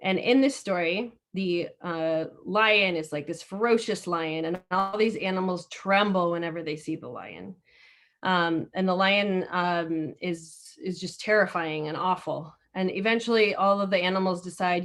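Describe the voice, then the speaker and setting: A woman's voice: fairly low pitch, normal speed, fairly bright tone. Chatty woman leading a video call. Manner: chatty, many fillers and restarts. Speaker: discussion leader. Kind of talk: casual storytelling talk.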